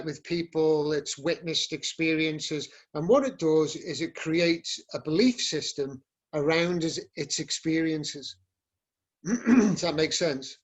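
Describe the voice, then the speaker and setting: A man, teaching a live yoga workshop in a loose, rambling, conversational way with many fillers. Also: a little high.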